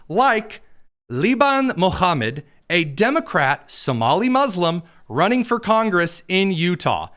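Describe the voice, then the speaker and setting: A man's voice: a little high, fairly bright tone. A man hosting a political commentary show, talking in a sarcastic, mocking way.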